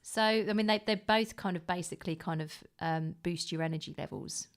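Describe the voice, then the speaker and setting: A woman chatting as a radio co-host, her low voice carrying a gravelly fry. She speaks agreeably but haltingly, with plenty of fillers and restarts. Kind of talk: casual radio chat.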